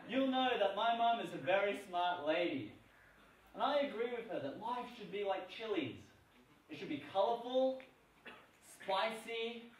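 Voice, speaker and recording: A man's voice: high-pitched, a little hiss or hum. A man giving a humorous keynote speech at a conference, telling playful stories that draw laughs. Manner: playful, storytelling, gets laughs. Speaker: keynote speaker. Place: large conference hall. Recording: echoey hall from a distant mic.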